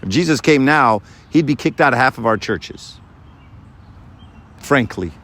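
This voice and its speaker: A man giving a sermon to a live audience, lively and full of rhetorical questions. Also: medium pitch, a little slow. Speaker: preacher.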